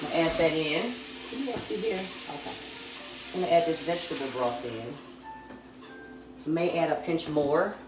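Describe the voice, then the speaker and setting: A woman hosting a live cooking demonstration, calm and chatty as she talks straight to her viewers. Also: low voice, normal speed, long pauses. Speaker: cooking show host. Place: home kitchen. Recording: echoey kitchen with sizzling pan noise. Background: frying and sizzling from the pan.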